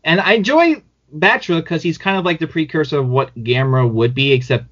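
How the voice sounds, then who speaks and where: A man's voice: a little high, a little fast, fairly bright tone. A man co-hosting a casual podcast, rambling with many fillers and laughing often. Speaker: podcast co-host. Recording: dull lo-fi audio.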